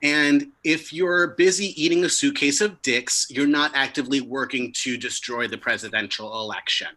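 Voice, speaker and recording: A young man doing a stand-up comedy set with deadpan delivery and sudden loud punches of emphasis. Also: mid-range voice, moderate pace. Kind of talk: stand-up set over a video stream.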